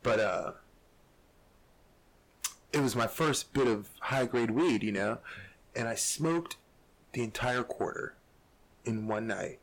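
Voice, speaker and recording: A man's voice: medium pitch, lively intonation, takes it slowly, pauses often. A man co-hosting a podcast, talking in a laid-back casual way and swearing freely. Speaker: podcast co-host. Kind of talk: casual chat.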